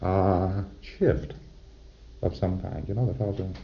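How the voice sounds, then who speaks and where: Deep-voiced man lecturing on old tape. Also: fairly even intonation, measured pace, a little hiss or hum. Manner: emphatic, rhetorical, checks in with "See?". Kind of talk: recorded lecture. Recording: dull lo-fi 1960s lecture tape.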